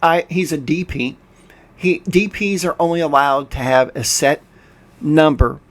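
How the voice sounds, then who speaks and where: Older man, gaming host, slightly high voice, frustrated ranting, stammered restarts, game commentary. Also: unhurried. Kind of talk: game commentary over screen capture.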